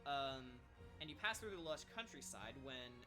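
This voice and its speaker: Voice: mid-range voice, animated, normal speed, over music. A game master narrating a tabletop game, rambling with many ums and little laughs.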